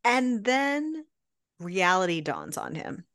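A woman co-hosting a podcast, summarizing the story in a measured, casual way and drawing out her words. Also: medium pitch, very animated, a bit bright. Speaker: podcast co-host. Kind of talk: casual book discussion.

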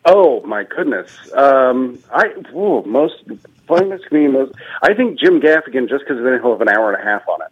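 A young man, a comedian, telling stories in a deadpan, self-deprecating way in a casual podcast chat. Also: medium pitch, moderate pace, slightly rough. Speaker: comedian guest. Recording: dull lo-fi sound.

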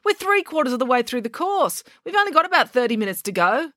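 A woman's voice: sits high, sing-song, fast, pushed and bright, dry recording, studio quality, pitched above the performer's own voice, full character voice. A woman voicing a bossy, upbeat young girl who barks commands.

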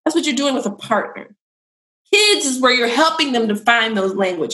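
Give me an animated, high-pitched woman giving casual advice in an echoey room. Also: normal speed. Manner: animated, acts out quoted dialogue.

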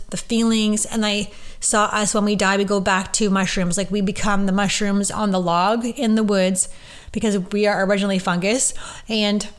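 A woman's voice: medium pitch, clear, resonant tone. A woman who works as a medium, hosting a casual solo podcast and talking in a gushing, rambling way full of fillers.

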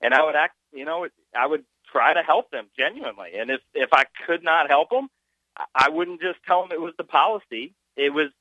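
A man's voice: a little high, a little fast, no room sound. Male caller on a radio show, lots of uh and you know, dull muffled line, dry. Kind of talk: phone-in chat. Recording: muffled phone-in audio.

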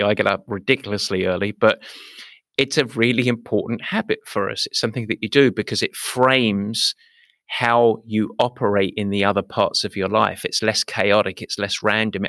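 A man's voice: fairly low pitch, a bit bright, no echo, studio quality. A man with an English accent hosting a podcast, chatting casually and often repeating words as he thinks. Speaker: podcast host. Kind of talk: casual conversational interview.

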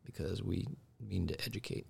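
A man's voice: low voice, steady tone, moderate pace, vocal fry, slight background noise. A man co-hosting a podcast, chatting casually and leading a trivia game with friends. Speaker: podcast co-host. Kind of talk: casual chat.

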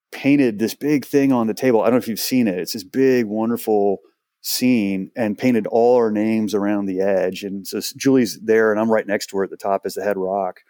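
A man in his forties from Houston, a guest telling animated stories in a casual interview, full of restarts and asides. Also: fairly low pitch, dry recording, studio quality. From Houston, Texas. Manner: animated, chatty, many restarts.

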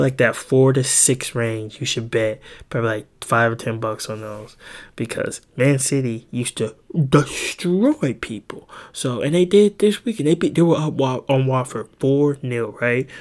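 A young man hosting a podcast, telling rambling, profane stories in casual chat. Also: medium pitch. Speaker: podcast host.

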